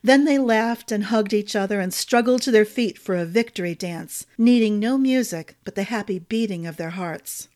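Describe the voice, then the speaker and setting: A woman's voice: mid-range voice, moderate pace, few pauses, a little mellow. A woman hosting a storytelling podcast and narrating a fantasy novel chapter.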